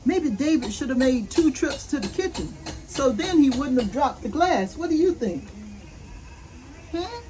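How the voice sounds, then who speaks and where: A woman's voice: sits high, sing-song, faint music behind, rough recording. An older woman, reading a picture book aloud to her grandchildren and asking them questions. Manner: slow, gentle, asks the listener questions. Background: faint roofing work noise.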